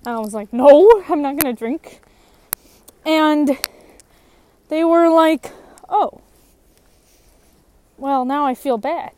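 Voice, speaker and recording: A young woman with a high voice talks frankly about her own recovery. She is emotional and gets louder when frustrated. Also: slow, pauses often. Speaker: person in recovery sharing her story. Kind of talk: personal testimony.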